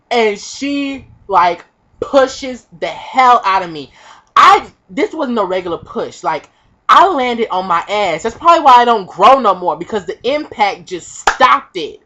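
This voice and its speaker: A young woman vlogger telling a comic personal story, animated and profane, acting out the voices of the people in it. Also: on the low side. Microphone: webcam. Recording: dull lo-fi webcam audio.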